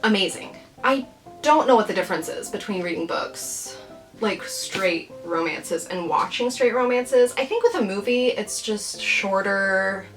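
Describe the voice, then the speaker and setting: A playful, rambling young woman chatting about books over faint background music. Her voice sits at an ordinary pitch, and she talks in a casual, self-deprecating way that meanders from thought to thought. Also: a little slow, fairly bright tone. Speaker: book vlogger. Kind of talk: casual chatty reading vlog.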